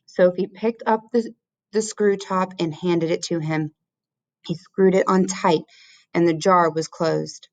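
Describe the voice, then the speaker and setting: A teacher reading a children's book aloud in a measured storytelling manner. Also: female voice, on the low side, steady tone, no echo.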